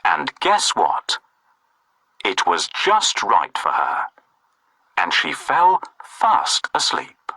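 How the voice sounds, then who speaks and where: A man's voice: on the low side, wildly swooping pitch, drawn-out words, bright, forceful tone, slightly rough, dry recording, poor audio. A man narrating a children's storybook with a sing-song, swooping storyteller delivery.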